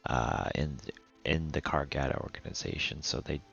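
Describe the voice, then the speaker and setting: Male game master, very low and gravelly, slow halting delivery. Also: a bit bright, dull audio. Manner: slow, halting, many fillers. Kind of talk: narrating a live tabletop game.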